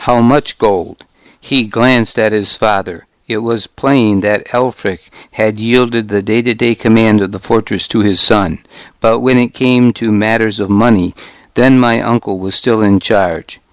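A man narrating an audiobook in the first person, measured and even. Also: on the low side, no room sound.

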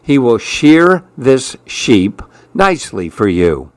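Storybook vet, a brisk, practical woman, as a man reading aloud puts her on; unhurried, dry delivery. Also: mid-range voice, big pitch swings, no room sound. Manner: practical, matter-of-fact. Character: brisk helpful female vet.

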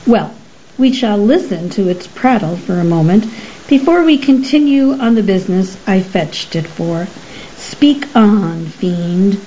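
A pompous Elizabethan conjurer scolds in slow, archaic tones, as a woman narrator reads him. The voice is mellow and unhurried. A slightly dull recording carries a faint hiss. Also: mid-range voice, lively intonation, lightly acted. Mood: scornful. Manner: archaic, severe, lecturing. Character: stern Elizabethan male conjurer, pompous and superstitious.

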